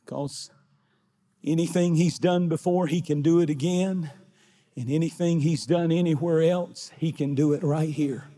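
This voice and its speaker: A middle-aged man, preaching a sermon in a church sanctuary and often building to shouts. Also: on the high side, steady tone, normal speed. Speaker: pastor.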